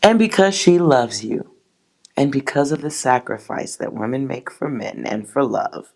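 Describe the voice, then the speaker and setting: A woman's voice: rumbling low, animated, a little slow, vocal fry, darkish tone. A woman hosting a tarot livestream, chatting with viewers in brash, profane, joking rants. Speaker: tarot reader and livestream host. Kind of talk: casual livestream chat with viewers.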